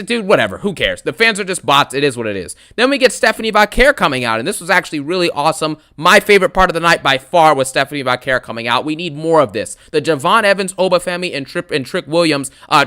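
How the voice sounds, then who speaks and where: A man's voice: fairly high pitch, bright, forceful tone. A man recapping a wrestling show in a fed-up, sarcastic rant, brushing things off and mocking what he hears. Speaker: wrestling video ranter.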